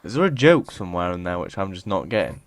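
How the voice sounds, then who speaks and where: A young man from England with a lowish voice banters sarcastically with his co-host. He swears freely and tells stories in a casual chat style. The sound is close and dry. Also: very animated, fast, dry recording. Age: young adult. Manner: sarcastic, swears, mimics callers. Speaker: podcast co-host.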